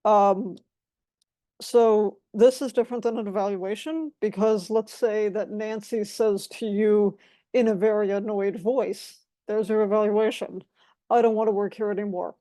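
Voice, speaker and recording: A woman's voice: mid-range voice, fairly even intonation, unhurried, dark tone, no room sound. A woman giving an explanatory talk as a guest speaker, defining terms one by one in a methodical way.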